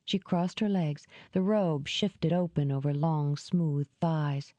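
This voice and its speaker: Mellow, dry-voiced woman narrating. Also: low voice, slow, no echo, highs cut off. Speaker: audiobook narrator. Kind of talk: scripted narration.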